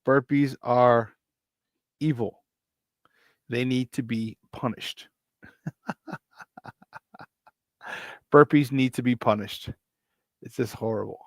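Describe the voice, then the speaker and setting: A man of middle pitch hosts a casual sports talk show, excitable and prone to saying things twice. He rattles off stats in quick lists and sounds dry and close, with no room around him. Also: no echo. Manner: excitable, repeats phrases for emphasis; reads stat lines off in quick lists. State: doing burpees while talking.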